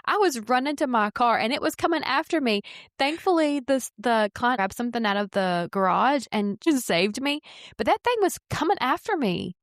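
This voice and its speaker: A woman realtor co-hosting a podcast, telling stories in casual chat with animated, excited delivery. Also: on the high side, moderate pace, dry recording, studio quality. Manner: animated, rising to excited bursts when telling a story.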